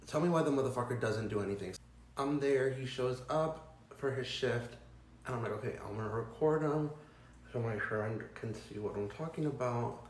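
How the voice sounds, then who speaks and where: A young man ranting through a storytime in a loose, exasperated way, swearing freely and tripping over filler words. His voice sits at a middling pitch. The room around him rings with noticeable echo. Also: normal speed, a little hiss or hum. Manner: profane, exasperated, rambling with many likes. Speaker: vlogger. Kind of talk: casual storytime rant. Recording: echoey room.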